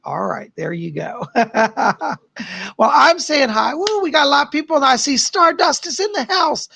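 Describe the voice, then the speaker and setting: A man's voice: very high voice, sing-song, a little fast, gravelly, sharp tone. A man hosting a live stream as a psychic, chatting casually with viewers in a bubbly, gushing way and laughing often.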